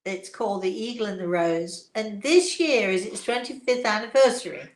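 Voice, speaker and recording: A woman's voice: mid-range voice, normal speed. Older woman, English accent, chatty, hesitant fillers, encouraging, echoey room. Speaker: spiritual medium and author answering viewer questions. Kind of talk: casual live Q&A chat.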